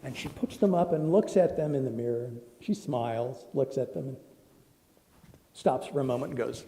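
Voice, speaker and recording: Male minister, earnest sermon storytelling, mid-pitched, in a reverberant sanctuary. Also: moderate pace. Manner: earnest, emotional storytelling with soft quoted voices. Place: church sanctuary. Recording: long hall reverb.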